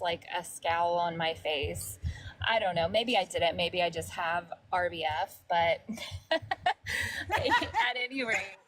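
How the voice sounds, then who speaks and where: A woman with a lowish, slightly bright voice is heard on poor-quality audio. Co-hosting a call-in show in a casual livestream chat, she speaks reflectively and earnestly, using casual fillers.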